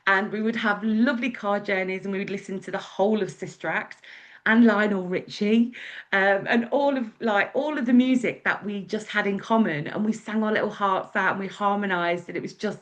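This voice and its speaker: An English-accented woman, a wedding celebrant appearing as a guest speaker, tells her life story in a chatty, meandering way full of fillers. Her mid-range voice moves at normal speed in this casual storytelling talk.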